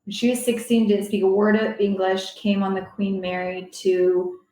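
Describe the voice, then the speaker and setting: Animated woman telling stories, roomy echo. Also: medium pitch, moderate pace. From Silicon Valley. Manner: animated, rambling, quotes people in voices. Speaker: guest. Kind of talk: casual storytelling chat. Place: convention venue.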